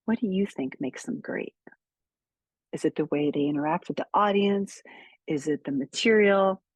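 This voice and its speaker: A woman speaker coach giving speaking tips straight to camera, with measured, emphatic delivery and deliberate pauses. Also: mid-range voice, slightly rough, no echo.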